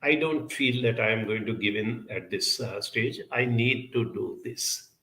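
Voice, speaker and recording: Male speaker, gravelly, measured emphatic delivery, roomy echo. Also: fairly low pitch, a bit bright. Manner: measured, emphatic, frequent uh fillers. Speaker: speaker answering audience questions. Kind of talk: live talk on emotional intelligence.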